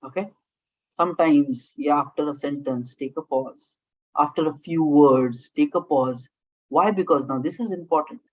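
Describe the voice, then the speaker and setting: Woman, Indian English accent, communication trainer, fairly low voice, short phrases, Hindi-English mix, muffled lo-fi sound. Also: normal speed, a little mellow. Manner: talks in short phrases with frequent "okay?" check-ins, mixes Hindi into English. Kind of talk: classroom lecture.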